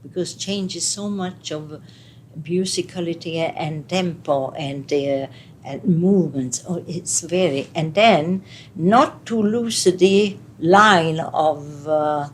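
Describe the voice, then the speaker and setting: An older woman with an Italian accent, speaking as an interview guest in a casual, animated way, with halting English and many restarts. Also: fairly low pitch, slight background noise. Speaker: interviewee, retired opera singer. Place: home apartment.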